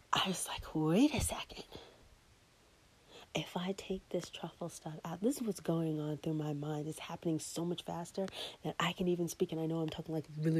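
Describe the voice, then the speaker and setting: A woman's voice: fairly low pitch, a little mellow, husky. A woman hosting her own show, telling a rambling personal story and dropping into a whisper for her thoughts. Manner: chatty, often drops into a whisper for inner thoughts. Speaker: podcast host. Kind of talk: casual storytelling.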